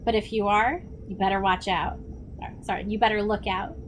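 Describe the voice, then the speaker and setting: A woman voicing a hearty, booming farmer father who talks in bluff, teasing exclamations. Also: fairly even intonation, moderate pace, a little hiss or hum, natural voice.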